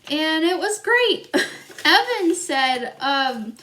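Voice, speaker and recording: Young woman, high voice, rambling storytime chat, giggly, lots of fillers. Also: very animated, drawn-out words, pushed and bright. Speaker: vlogger. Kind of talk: storytime vlog.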